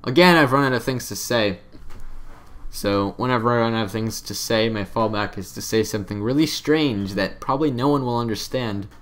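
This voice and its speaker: A man's voice: mid-range voice, fairly quick, a bit bright. A young man giving casual, rambling commentary over his own game footage, offhand and self-deprecating. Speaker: let's play commentator.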